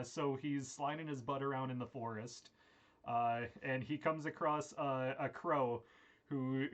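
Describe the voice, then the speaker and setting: A young man, an improv performer, telling a silly story over a video call in a rambling, deadpan way full of fillers and restarts. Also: medium pitch.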